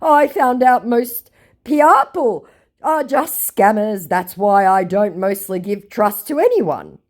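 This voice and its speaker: A woman voicing a lovesick, pleading adult male scammer in a whiny, drawn-out voice with broken English. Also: mid-range voice, animated, pitched above the performer's own voice. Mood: plaintive.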